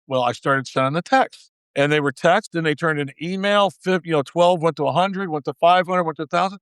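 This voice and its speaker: A man's voice: a little high, a little fast, few pauses, a bit bright, smooth, dry recording. A man in his sixties, a guest in a podcast interview, telling a long story in a folksy way and acting out the quoted dialogue. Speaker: guest, former baseball manager.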